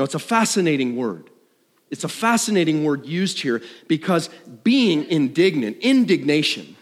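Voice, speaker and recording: A middle-aged man preaching a sermon, swinging between loud and hushed. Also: a little high. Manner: animated, dramatic shifts between loud and hushed. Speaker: pastor. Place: church sanctuary. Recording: long reverb of a large hall.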